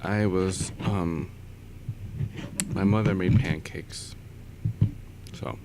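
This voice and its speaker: A man's voice: low-pitched, fairly even intonation, very slow, very noisy. A young man vlogging, telling a rambling story in a casual way with lots of fillers and frequent chuckles.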